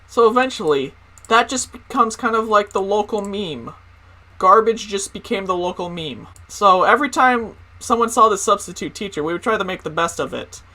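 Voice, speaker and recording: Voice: mid-range voice, pushed and bright. A young adult telling funny school stories in a casual, profane way, full of "like" fillers. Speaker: storyteller. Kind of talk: comedic personal storytelling.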